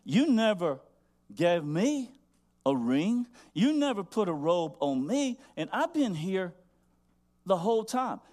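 A preacher voices a grown elder brother nursing a grudge. He complains in an aggrieved, hurt way, a little higher than his ordinary speaking voice, and keeps the unhurried pace of a sermon story. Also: sing-song, darkish tone, heavily acted. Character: resentful dutiful elder brother, grown man.

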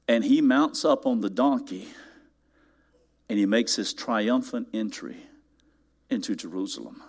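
A man preaching a sermon, slow and deliberate in places, with sudden rising emphasis on key words. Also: fairly low pitch, expressive. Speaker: pastor.

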